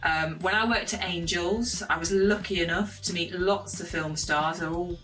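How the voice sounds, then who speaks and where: A woman's voice: fairly low pitch, a bit bright. English woman introducing herself, lots of ums, bit far from the mic, music under it. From England. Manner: quick, with many ums. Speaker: costume maker. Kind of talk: personal introduction. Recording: distant mic with music behind.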